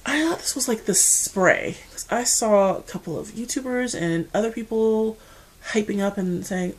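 A woman from the Mid-Atlantic United States with an American accent, chatting casually to camera as a beauty vlogger, animated and full of asides. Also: mid-range voice, moderate pace, a little hiss or hum.

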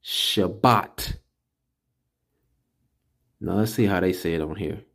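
A man giving a casual screen-recorded lesson, slowly sounding out syllables and repeating words to drill them. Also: sits low, gravelly, darkish tone. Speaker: religious teacher. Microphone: computer mic while screen recording.

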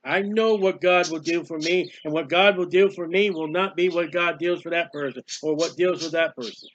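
High-voiced man preaching, bright and tense, dull lo-fi sound, kinda halting and emotional. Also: fairly even intonation, dry recording. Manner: emotional, halting, cries out in prayer. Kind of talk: personal devotional talk.

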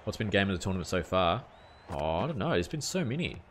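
Easygoing low-voiced man streaming. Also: big pitch swings, fast, slight background noise. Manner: chatty, easygoing, asks viewers questions. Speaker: gaming streamer. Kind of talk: casual live-stream chat reading viewer messages.

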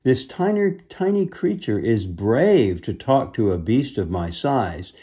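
A man voicing a huge, gentle male island beast in a storybook, speaking slowly and formally with a gravelly voice. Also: medium pitch, very animated. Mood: solemn. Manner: slow, formal old-fashioned speech. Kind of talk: storybook read-aloud.

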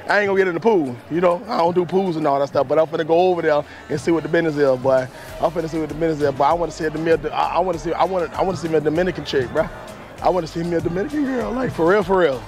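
A man with a hoarse, worn-out voice chatting casually to his viewers, with loose, slangy talk that repeats itself. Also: on the high side, rapid-fire. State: hoarse, voice mostly gone. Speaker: vlogger. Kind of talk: casual travel vlog talk. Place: outdoors at a cruise port and ship pool area. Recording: music playing loudly behind.

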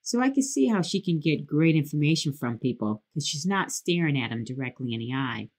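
A woman podcast host from Detroit tells a casual story to her listeners. Her pitch is a little low but swings widely, and she jumps up into a brighter voice when she acts out what people said. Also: brisk. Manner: animated, acts out quotes in a lively higher voice.

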